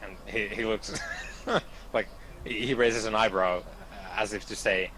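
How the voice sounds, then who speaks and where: A man playing a tabletop game, speaking quietly and hesitantly with many fillers. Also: lowish voice, steady tone, a little slow. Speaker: player. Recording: noisy, distant sound.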